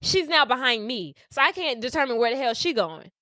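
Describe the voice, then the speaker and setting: New woman telling a wild story, high bright voice, cusses a lot, dry close mic. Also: a little fast, no room sound. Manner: animated and profane, acting out quotes. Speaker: podcast host. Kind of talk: casual storytelling.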